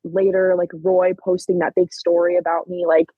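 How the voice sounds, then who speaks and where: A young woman in her late teens, a podcast guest, chatting and retelling events in a lively way full of "like". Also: lowish voice, normal speed, dry recording, phone-quality sound. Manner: chatty, peppered with "like", animated retelling. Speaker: podcast guest, track athlete. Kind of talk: casual storytelling interview.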